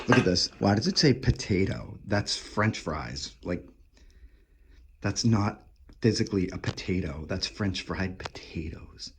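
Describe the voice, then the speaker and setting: Gushing low-voiced man exploring. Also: measured pace, noisy background. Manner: gushing, rambling, swearing, drops to whispers. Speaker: urban explorer and toy collector. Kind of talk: excited exploration vlog. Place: dark abandoned daycare, indoors.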